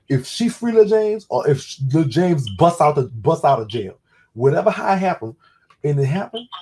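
Louisiana guy hosting a call-in show, husky, kinda high, rambles and restarts a lot. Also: warm tone. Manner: loose, repetitive storytelling with frequent restarts and cursing. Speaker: host. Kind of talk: casual call-in talk with testimony.

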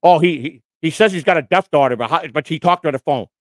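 A middle-aged man, ranting on his livestream, stumbling over restarts and swinging between loud outbursts and quiet asides. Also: a little high, fast, no room sound. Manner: indignant, repetitive restarts, swings loud and soft. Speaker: livestream host.

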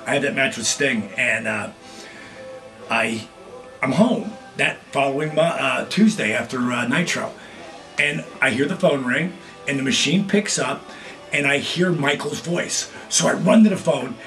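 A middle-aged man hosting his own video blog, telling casual stories with lively acted-out quotes. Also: mid-range voice, a little slow, soft background music. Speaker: vlog host, former wrestler. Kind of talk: casual storytelling.

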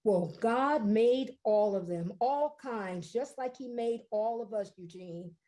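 A woman storyteller voicing a calm, kind male school principal, speaking gently, slowly and reassuringly. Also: fairly high pitch. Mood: gentle.

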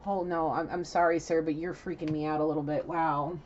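A woman with a lowish voice gives a spiritual reading, talking emphatically and casually with plenty of swearing. The recording sounds a little dull, with a faint hiss underneath. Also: level tone, a little fast, a little mellow. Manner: emphatic, profane, chatty. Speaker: psychic reader. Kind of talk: spiritual card reading to camera.

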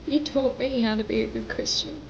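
A woman's voice: fairly high pitch, a little fast, vocal fry, a little mellow, muffled recording, a little hiss or hum. A young woman vlogger making an emotional message to camera, pleading and tearful, her voice breaking as she cries at times. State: crying at times.

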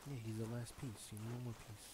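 A man's voice: mid-range voice, steady tone, fast, heavy background noise. A man casually chatting and joking while playing a game with his partner, teasing her playfully. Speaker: co-host of a family let's play. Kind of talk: casual couple gaming chat.

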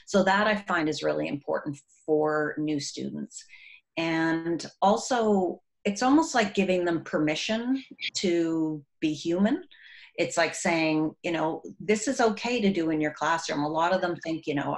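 A middle-aged woman with a low voice speaks earnestly about teaching in an interview. Her tone brightens and gets animated when she recounts stories from her classroom. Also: unhurried. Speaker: author and educator. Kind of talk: recorded interview.

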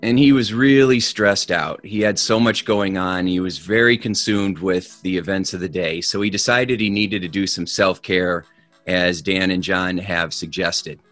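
A man giving a motivational talk, telling a joke with lively energy before moving into a calm explanation. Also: a little slow, no room sound, faint music behind. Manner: animated storyteller, grows loud and high in the punchline. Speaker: motivational speaker.

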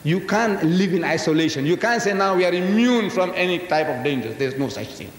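Animated and a little fast, a seventy-something man addresses a large lecture hall, telling a story and firing off emphatic rhetorical questions. The recording is echoey with a faint rumble.

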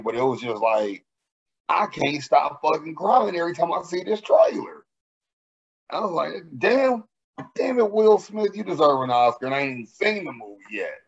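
A man co-hosting a podcast, telling stories in a profane, animated way during casual banter. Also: medium pitch, muffled recording. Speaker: podcast co-host.

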